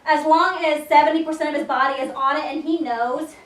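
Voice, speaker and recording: Young woman dog trainer, high voice, explains stuff between commands, echoey room, kinda far from the mic. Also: fairly even intonation, brisk, fairly bright tone.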